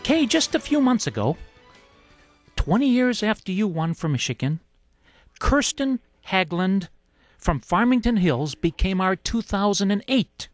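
A male radio host with a lively, rising and falling voice and a measured, polished delivery. The sound is dry and close, with faint music underneath. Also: high-pitched, no echo. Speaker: radio talk show host. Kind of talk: radio interview.

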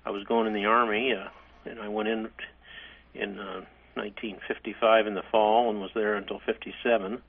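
An older man, a hotel chairman, telling stories from his career in a halting, rambling way with frequent restarts. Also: on the low side, level tone, slightly rough, narrow, tinny audio. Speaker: interview guest, hotel chairman. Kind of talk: reminiscing interview.

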